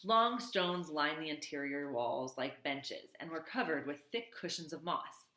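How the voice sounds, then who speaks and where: A woman's voice: sits low, measured pace, bright, forceful tone, roomy sound, rough recording. A woman reading a children's novel aloud, in a plain read-aloud manner with small slips and self-corrections. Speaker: reader.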